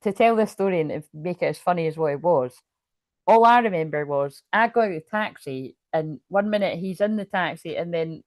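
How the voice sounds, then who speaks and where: A woman's voice: lowish voice, fairly quick, dry recording. A woman reading tarot in casual talk, rambling, swearing and laughing as she tells a story. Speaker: tarot reader.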